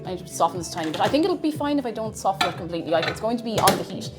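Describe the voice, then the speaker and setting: Lively chatty woman streaming. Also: mid-range voice, very fast. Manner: chatty, rambling and self-mocking, greets viewers. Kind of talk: casual baking livestream chat. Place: home kitchen. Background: faint music.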